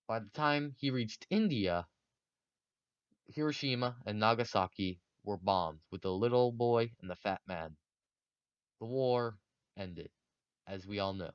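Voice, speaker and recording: A man's voice: mid-range voice, very animated, measured pace, pauses often, smooth, no echo, dull audio. A man casually narrating history for a video, rambling and joking with many fillers.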